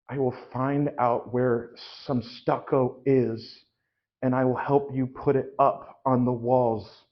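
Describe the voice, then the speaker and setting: A man's voice: mid-range voice, lo-fi sound, voice pushed down, natural voice. Man improvising a flustered, anxious house seller. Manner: rambling, nervous, self-interrupting. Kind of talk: live improv comedy. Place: small theatre stage.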